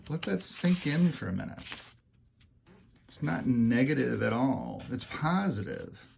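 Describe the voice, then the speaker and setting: Gravelly, emphatic man talking real estate. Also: medium pitch, very animated, a little hiss or hum. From Canada. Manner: emphatic, repeats figures, gets louder and faster when making a point. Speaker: real estate agent giving a market update. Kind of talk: casual video market update.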